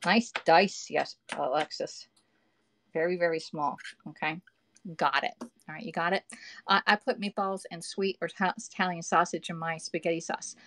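A woman with a lowish, fairly bright voice speaks at normal speed in a steady tone. On a live cooking stream from her home kitchen, she chats with viewers, reads their comments aloud, and addresses them with "y'all" and "okay".

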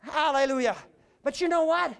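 A man with a very high, gravelly voice preaches a sermon at a moderate pace. He is animated, shouting out repeated phrases and prodding the congregation with "huh?".

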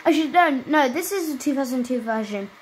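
Woman gamer host, high voice, excitable and chatty running commentary. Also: fairly quick, slight background noise, poor audio. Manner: excitable, chatty, talks to viewers. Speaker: gaming channel host. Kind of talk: casual gameplay commentary.

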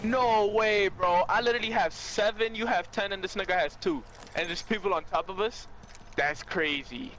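A young man in voice chat with his squad, loud and joking, swearing and teasing his friends. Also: sits high, moderate pace, a little hiss or hum. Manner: loud, joking trash talk, profane. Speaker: squad teammate. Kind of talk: casual gaming voice chat.

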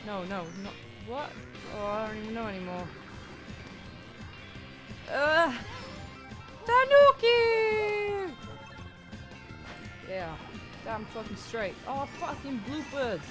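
A young woman commentating a racing game casually, swearing often and yelling at other racers. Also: medium pitch, moderate pace. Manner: swears a lot, yells and wails at the game. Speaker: gaming YouTuber. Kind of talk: casual let's-play commentary. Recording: game music behind the voice.

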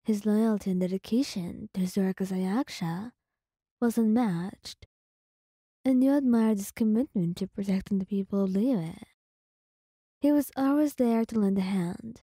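A young woman narrating a romantic listener story in a slow, hushed, intimate ASMR style. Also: medium pitch, husky, dry recording, clean studio sound.

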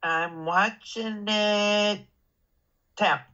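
A woman's voice: mid-range voice, fairly even intonation, drawn-out words, bright, forceful tone, dull audio. A woman chatting off-mic with her son, giving brief, dry replies. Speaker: streamer's mother. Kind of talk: casual chat off-mic.

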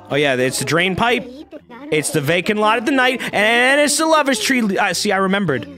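Animated, joking game streamer. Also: mid-range voice, brisk. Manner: lively, joking, reads game dialogue aloud, swears freely. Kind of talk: casual let's-play commentary.

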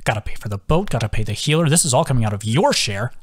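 A man voicing an anxious young male team leader who rants, grumbles and half-yells, in an audiobook. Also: medium pitch, lively intonation, fast talker, close to an everyday voice. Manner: frantic, grumbling, yelling.

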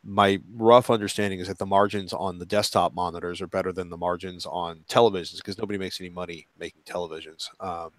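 A man's voice: deep voice, quick pace, few pauses, no echo. A man talking as a guest on a live panel, rambling through his points and acting out little quoted exchanges. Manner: rambling, animated asides with acted-out quotes. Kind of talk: casual panel discussion.

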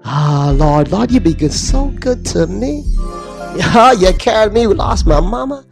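A middle-aged man from Anguilla hosts a devotional radio talk from a studio mic, his voice pitched high with a gravelly, fry-laden edge. He preaches with feeling, drifting now and then into sing-song phrases over faint music. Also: lively intonation, measured pace. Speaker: radio DJ and host. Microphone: studio microphone at a mixing desk.

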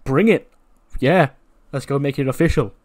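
A man's voice: mid-range voice, level tone, fast, a little mellow, natural voice. A man voicing a tough male champion wrestler who gives curt challenges. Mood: defiant.

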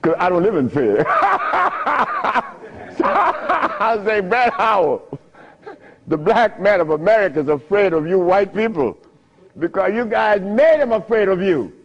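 A man's voice: sits high, sing-song, normal speed. A man lecturing an audience, telling stories in an emphatic, teasing way, on a dull lo-fi recording. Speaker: speaker addressing an audience. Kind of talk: lecture with storytelling.

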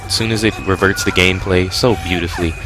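A man's voice: low voice, fairly even intonation, quick pace. A man giving casual game walkthrough commentary, crude and joking, talking back to the game. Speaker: gaming commentator. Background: game music.

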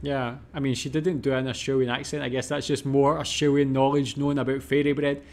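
A man's voice: medium pitch, flat delivery, fairly quick, a little mellow. A man hosting a reaction video, chatting casually and thinking aloud as he goes.

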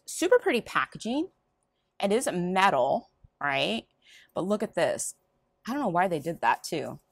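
Haul vlogger, woman, rambling casual delivery, very lively pitch, dry close sound. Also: no echo. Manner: rambling, chatty, lively ups and downs. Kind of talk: casual chatty haul video. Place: home room.

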